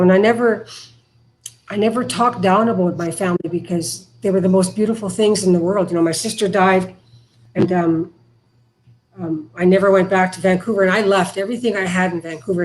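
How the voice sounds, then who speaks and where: A middle-aged woman from Canada speaking frankly and haltingly as a podcast guest about her past. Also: mid-range voice, slight background noise, low-quality recording. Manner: frank, halting, emotional at times. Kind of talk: candid recovery interview.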